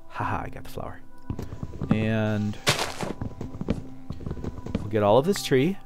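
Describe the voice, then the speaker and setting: A man's voice: on the low side, very animated, normal speed, pauses often, over music. A man hosting a casual let's play, chatting playfully as he goes and talking to objects in the game.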